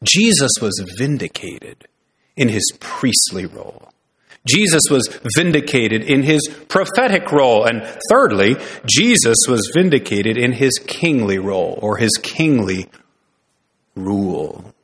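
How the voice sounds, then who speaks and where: A man's voice: mid-range voice, sing-song, a little slow, fairly bright tone. A man preaching a sermon as pastor, earnest, with many rhetorical questions. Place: church sanctuary. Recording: long reverb in a church hall.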